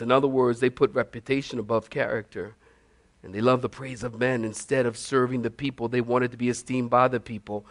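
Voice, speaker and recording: A male pastor preaching a sermon, animated and storytelling with laughing asides. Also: medium pitch, normal speed.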